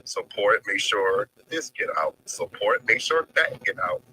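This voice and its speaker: A man guesting on a faith live stream who talks earnestly and haltingly, near tears. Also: lowish voice, expressive, sharp tone, a little hiss or hum, poor audio. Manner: halting, earnest, many fillers. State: close to tears. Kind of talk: heartfelt faith conversation.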